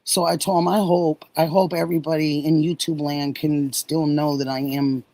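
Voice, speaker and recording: A middle-aged woman from Oregon hosting a casual livestream, warmly thanking viewers and answering chat messages. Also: sits low, little pitch movement, normal speed, no echo, poor audio. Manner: warm, gushing, reads and answers chat messages. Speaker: livestream host.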